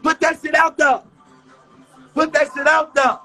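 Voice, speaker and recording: Very high-voiced man with Chicago accent. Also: level tone, a little slow, over music, rough recording. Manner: loud, shouting, profane street slang. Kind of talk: rowdy livestream banter.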